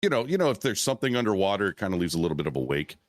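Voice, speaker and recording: A man's voice: sits low, sing-song, rapid-fire, no room sound. A veteran man on a podcast telling a profane, rambling war story with frequent restarts and swearing. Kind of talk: casual storytelling chat.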